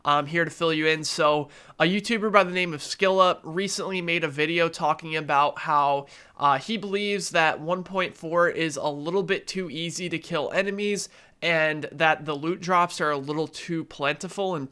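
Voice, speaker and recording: Speaking at a moderate pace, this young man's voice is on the high side, pushed, bright and smooth, yet nasal and congested from allergies. He's a gaming YouTuber offering earnest, opinionated takes in a laid-back vlog, with plenty of fillers.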